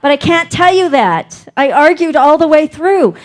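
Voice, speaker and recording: A woman's voice: high voice, expressive, normal speed. A middle-aged woman minister delivering a sermon, telling a personal story and acting out her inner dialogue.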